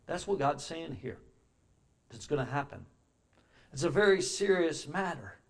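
A man's voice: fairly high pitch, expressive, unhurried. An older man preaching a sermon in a church, telling folksy homespun stories. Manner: folksy storytelling with homespun asides. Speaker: pastor.

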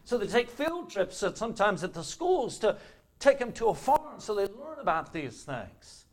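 Older preacher, folksy sermon. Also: male voice, high voice, very animated, moderate pace. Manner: folksy storytelling with homespun asides. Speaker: pastor.

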